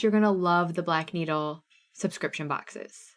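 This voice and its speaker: A woman's voice: fairly low pitch, measured pace. A woman in her thirties with a Midwestern American accent, hosting a live craft sale stream in a casual, bubbly way and reading out viewers' names.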